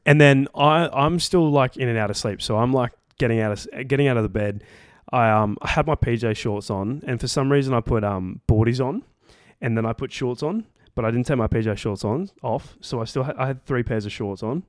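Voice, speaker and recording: A young Australian man tells a story on a podcast in an easy, rambling way, dropping swear words and constant "like"s and "um"s. His voice sits at an ordinary middle pitch. It is recorded close and completely dry, with no room sound. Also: a little fast, few pauses, dry recording. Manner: rambling, swears freely, heavy "like" and "um" fillers. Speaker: podcast co-host. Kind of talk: casual storytelling chat.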